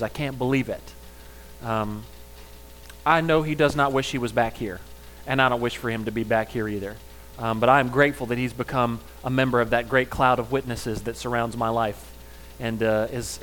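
A man's voice: medium pitch, a bit bright, a little hiss or hum, rough recording. Joking, conversational pastor, a man. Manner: conversational and joking, telling personal stories to a congregation. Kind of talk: sermon.

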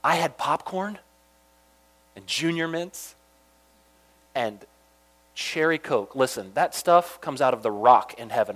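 A young man from Georgia telling a funny personal story in an animated, chatty way, full of asides. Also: on the high side.

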